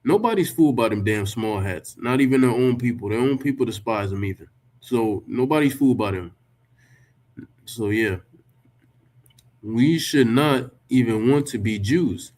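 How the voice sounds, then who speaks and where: With a mid-range, slightly mellow voice and lively intonation at normal speed, a religious commentator pushes back against a text he reads aloud. His delivery is emphatic, laced with swearing and rhetorical questions.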